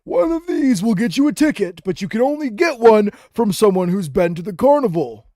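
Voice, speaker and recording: A man voicing an old, hard-of-hearing male goblin who sells tickets, shouting slowly. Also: high-pitched, sing-song, dry recording, clean studio sound, voice pushed up. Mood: explaining loudly. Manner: shouting, drawn-out.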